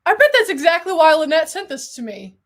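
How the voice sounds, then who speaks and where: Young woman live-streamer, high and excitable, rambling and sweary, chats loosely with viewers. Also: fairly quick. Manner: excitable, rambling storyteller who swears freely and keeps getting sidetracked. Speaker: streamer hosting a monthly live unboxing. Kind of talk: casual live-stream chat.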